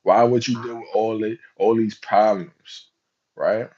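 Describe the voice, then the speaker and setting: A man's voice: lowish voice, fairly even intonation, measured pace, a little mellow, breathy edge, dull audio. A man giving slangy, emphatic reaction commentary, often asking rhetorical questions. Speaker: commentary vlogger.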